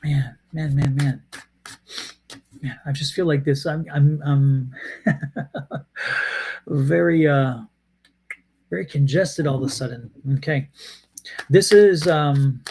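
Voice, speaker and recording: A man's voice: a little high, takes it slowly, pauses often, mellow, slight background noise. A man giving a live psychic tarot reading, rambling and hesitant, repeating himself often. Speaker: tarot reader.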